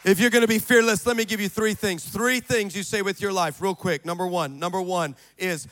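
A man preaching a sermon, telling a story with comic asides and building to shouted exhortation. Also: high voice, fairly even intonation, fairly quick, few pauses.

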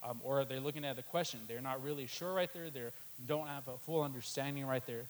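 In a rough recording with slight background noise, a preacher with a mid-range voice speaks fairly quickly. His sermon is loose and conversational, sprinkled with "um"s and the repeated phrase "right there."

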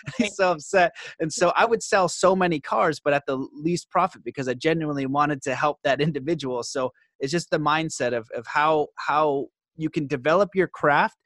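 A man talking as a podcast guest in casual conversation, getting worked up and animated as he makes his points. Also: fairly high pitch, moderate pace, hardly any pauses, no room sound. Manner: animated, worked-up when ranting.

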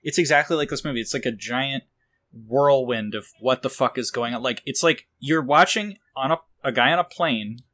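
A man's voice: medium pitch, normal speed, fairly bright tone. A man co-hosting a casual podcast about a movie, talking in a rambling, incredulous way with many fillers. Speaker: podcast co-host. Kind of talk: casual chat.

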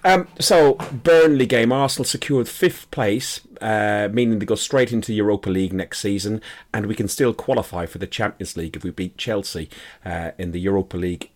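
A man's voice: on the low side, normal speed. A man with an Irish accent hosting a casual chat podcast, tired and rambling, joking about himself. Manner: joking, rambling, self-mocking. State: tired after a long drive and a late night. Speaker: podcast host.

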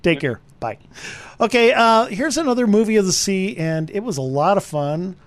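A man's voice: high voice, expressive, normal speed. Jokey man hosting radio. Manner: jokey, laughing, teasing banter. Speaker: radio talk show host. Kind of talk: casual radio chat with callers. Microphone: studio microphone.

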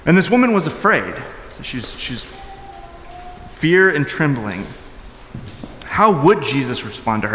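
A man's voice: normal speed, a little hiss or hum. Man preaching in an echoey hall. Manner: animated, swinging from loud high emphasis to soft low asides; informal, with fillers and restarts. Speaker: pastor. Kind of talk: conversational sermon. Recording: echoey hall with long reverb.

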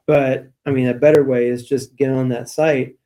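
A man co-hosting a weekly church podcast, with a mellow, darker tone. He talks in an easygoing, chatty way and tells stories with light laughs. His pitch sits in the middle range. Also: little pitch movement, moderate pace. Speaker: church staff podcast co-host. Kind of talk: casual church podcast chat.

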